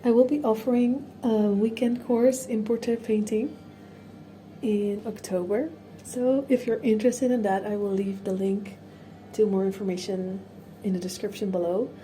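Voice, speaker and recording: A woman's voice: medium pitch, fairly even intonation, moderate pace, warm tone, slight background noise. A young woman from the Netherlands, a native Dutch speaker, chatting casually about her portrait painting in a studio vlog, with lots of fillers and laughter, a bit out of breath.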